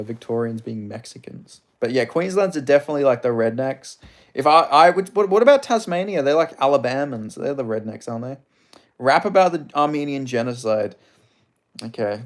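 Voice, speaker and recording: A man's voice: mid-range voice, animated, moderate pace. A young Australian man hosting a casual livestream, reading chat questions aloud and answering in a crude, joking, rambling way.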